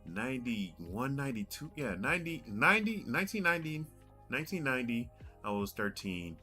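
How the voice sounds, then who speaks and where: A man's voice: mid-range voice, sing-song, brisk, bright, forceful tone, faint music behind. A man in his forties telling a rambling story on his gaming podcast, doubling back and repeating himself as he goes. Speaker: podcast host. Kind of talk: casual podcast monologue.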